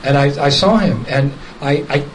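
A man's voice: fairly high pitch, moderate pace, a little hiss or hum, poor audio. A man casually telling a story from his past, often chuckling and quoting the people in it directly. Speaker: devotee recounting a memory.

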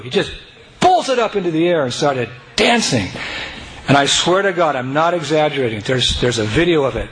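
A man telling a personal devotional story to an audience, animated and breaking into chanting and joyful shouts. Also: fairly high pitch, normal speed. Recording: noisy recording.

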